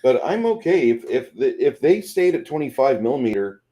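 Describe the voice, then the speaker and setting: A man's voice: mid-range voice, big pitch swings, brisk, dark tone. A man on a video call reading viewer comments and showing miniatures while chatting casually. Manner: reads viewer comments, shows figures on camera. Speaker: co-host. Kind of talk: casual chat about miniatures. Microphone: video call webcam.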